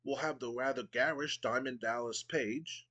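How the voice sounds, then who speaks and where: A man's voice: medium pitch, normal speed, pushed and bright, husky, highs cut off. A man voicing a smug, pompous male wrestling commissioner who talks down to the crowd in a haughty, lofty manner. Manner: haughty, lofty, condescending speech.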